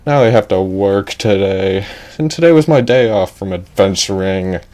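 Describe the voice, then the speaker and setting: A man's voice: low voice, expressive, moderate pace, darkish tone. A man voicing a dim-witted, cocky young warrior who talks in a brash, blustering way.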